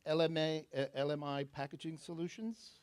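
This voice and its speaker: A man's voice: on the high side, fairly even intonation, a little mellow, clear, resonant tone. New Jersey man pronouncing spelling words. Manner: measured, deliberate, with joking asides. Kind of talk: reading words, definitions and example sentences.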